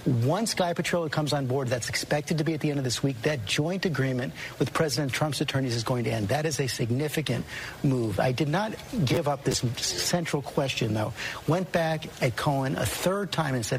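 A man reporting as a TV news anchor, measured and emphatic as he recounts an interview. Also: medium pitch, a little hiss or hum.

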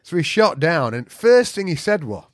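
A middle-aged man with a Yorkshire accent, a podcast guest who tells stories in a blunt, profane, animated way. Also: on the high side, moderate pace, no room sound. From England. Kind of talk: casual storytelling chat.

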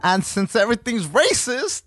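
A man's voice: extremely high pitch, big pitch swings, normal speed, a bit bright, dry recording, pitched above the performer's own voice, exaggerated voice. A man voicing a blunt, out-of-touch older grandfather in a comedy podcast bit, speaking matter-of-factly. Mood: deadpan.

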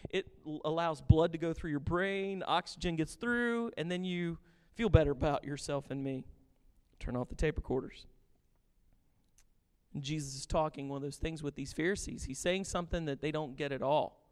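A man preaching a sermon, animated, switching between quiet asides and loud acted-out quotes. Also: fairly high pitch, moderate pace, clear, resonant tone, in a large hall. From grew up on a farm. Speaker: pastor.

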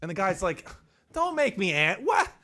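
Young man, casual chat, animated storyteller, acts out quotes, slightly raised voice. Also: sits high, normal speed.

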